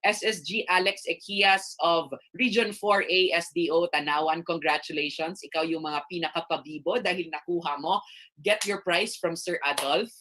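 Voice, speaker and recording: A man's voice: fairly high pitch, fairly even intonation, moderate pace, sharp tone. A man with a Filipino accent giving an interactive motivational talk to a student assembly, playfully quizzing his listeners over a video call. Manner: playful, quizzing the audience, mixing English and Tagalog. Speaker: speaker at a student government assembly.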